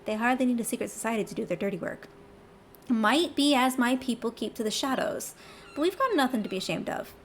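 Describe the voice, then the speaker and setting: A woman's voice: on the high side, lively intonation, brisk, slight background noise. Woman putting on a brash Southern pirate boss. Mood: gruff teasing. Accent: put-on American Southern. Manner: gruff, bawdy, teasing. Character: brash rough-talking male pirate guild boss. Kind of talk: reading game dialogue aloud on a stream.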